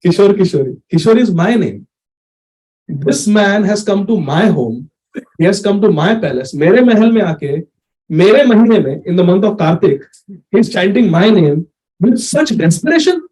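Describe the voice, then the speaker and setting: A man's voice: sits high, lively intonation, fairly quick, dark tone, rough recording. A man voicing a divine young woman who speaks with tender wonder.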